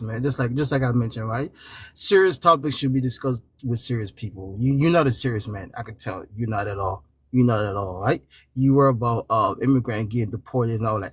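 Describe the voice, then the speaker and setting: A man's voice: medium pitch, brisk, fairly bright tone, husky, no room sound, studio quality. A man on a live debate panel, arguing emphatically and mocking his opponent, laughing between jabs. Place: at home.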